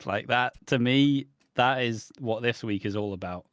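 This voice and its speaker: A man's voice: mid-range voice, a bit bright, clean tone, no echo, clean studio sound. A young man with a Birmingham accent, co-hosting a casual podcast chat with joking, swearing asides. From West Midlands. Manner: jokey, swearing, quick asides. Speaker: podcast co-host.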